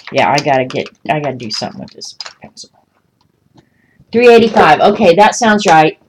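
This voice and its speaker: A woman's voice: low voice, big pitch swings, a little slow, pauses often, background noise. A woman hosting a casual live stream while coloring, chatting and ranting, answering viewers by name. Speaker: livestream host coloring art.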